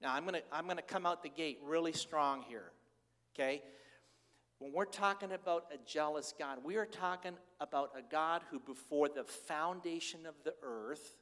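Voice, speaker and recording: An older man preaching a conversational sermon as pastor, candid and animated as he tells stories. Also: fairly high pitch, normal speed. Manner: candid, chatty, animated storytelling. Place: church sanctuary. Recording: reverberant church hall.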